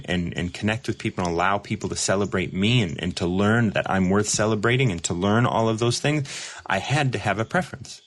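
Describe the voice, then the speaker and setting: Male host, deep voice, rambling reflective livestream talk. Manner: rambling, reflective, many fillers and restarts; reads viewer comments aloud. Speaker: recovery mentor and show host. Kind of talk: casual livestream monologue.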